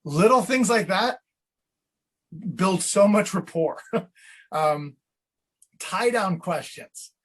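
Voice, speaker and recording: A man's voice: sits high, expressive, slow pace, long pauses, a bit bright. A man coaching real estate agents on sales scripts in a casual teaching chat, acting out client lines as he goes.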